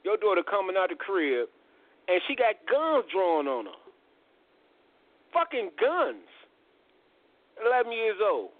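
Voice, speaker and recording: A man's voice: high voice, huge pitch swings, a little slow, pauses often. A man hosting a radio show, delivering a heated, profane rant and repeating "man" over and over. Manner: profane, heated, repetitive, says "man" constantly. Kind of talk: angry rant. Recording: phone-like radio audio.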